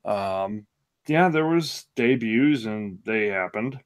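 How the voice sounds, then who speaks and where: A man's voice: fairly low pitch, animated, takes it slowly. A man co-hosting a podcast in casual chat, laid-back and wry, hesitating with many ums. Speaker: podcast co-host.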